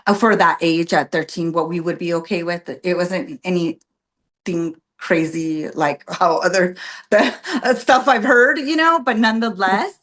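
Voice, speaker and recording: A woman in her thirties, a podcast guest, telling a personal story in a casual, animated way, full of "like" and "um", often laughing and getting emotional. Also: lowish voice, measured pace. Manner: animated, heavy on fillers like "like" and "um". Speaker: podcast guest, birth worker.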